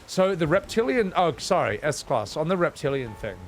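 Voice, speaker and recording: A man's voice: a little high, very animated, normal speed, soft background music. A man streaming a video game, talking casually in a rambling, profane way. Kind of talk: gaming stream commentary.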